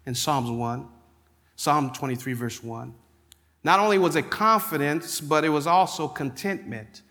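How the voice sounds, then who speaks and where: A man preaching a sermon, reading scripture and rising into emphatic, drawn-out declarations. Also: fairly high pitch, fairly bright tone. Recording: long hall reverb.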